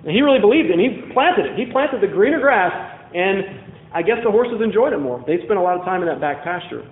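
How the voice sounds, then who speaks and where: A man's voice: high voice, lively intonation, fast, echoey room, narrow, tinny audio. A man from Louisiana preaching a sermon in a conversational storytelling way, asking the congregation questions. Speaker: pastor.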